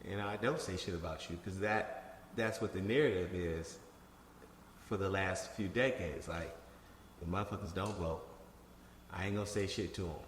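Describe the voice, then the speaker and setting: A man, a political candidate, talking in a casual interview with animated, profane storytelling and frequent restarts. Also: low voice, normal speed, pauses often, slight background noise. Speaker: congressional candidate. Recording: echoey room with long reverb.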